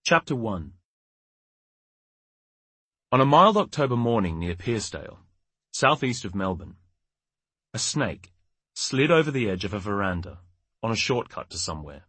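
A man narrating an audiobook in a measured, wry storytelling manner. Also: lowish voice, sing-song, a bit bright, breathy edge, no echo. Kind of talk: scripted narration.

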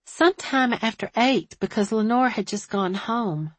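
A woman's voice: fairly high pitch, unhurried, no room sound, pitched above the performer's own voice. Woman doing a gossipy switchboard operator. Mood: chatty. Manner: gossipy and eager, a bit defensive. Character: chatty small-town woman switchboard operator.

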